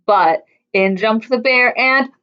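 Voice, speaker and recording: A woman librarian reading a picture book aloud to preschoolers at storytime, expressive and animated. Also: fairly high pitch, slow pace, smooth. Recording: dull lo-fi recording.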